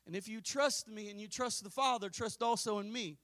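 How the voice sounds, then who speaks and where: A man preaching a fiery Pentecostal sermon as pastor, swinging from hushed asides to drawn-out shouts. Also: sits high.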